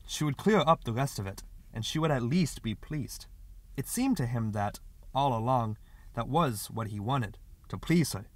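A man reading a short story aloud as an audiobook narrator, in expressive scripted narration. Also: medium pitch, moderate pace, no echo.

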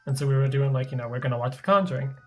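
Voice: medium pitch, fairly even intonation, racing, soft background music. Rambling, giggly podcast voice. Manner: rambling, full of "like", laughs often. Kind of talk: casual chat.

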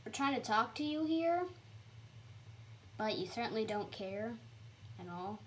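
A young woman giving chatty, excitable commentary while playing a computer game, with sudden high squeals. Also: unhurried, a little hiss or hum. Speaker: gamer. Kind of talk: casual gameplay commentary.

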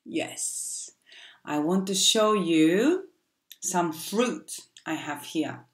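A woman teaching a playful vocabulary game to children, speaking in a slow, exaggerated teacher voice. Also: fairly low pitch, animated. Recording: echoey room.

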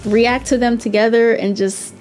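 A young woman vlogger reading out dating-app messages and reacting to them with sassy, animated commentary. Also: fairly high pitch, normal speed, soft background music. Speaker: YouTube vlogger.

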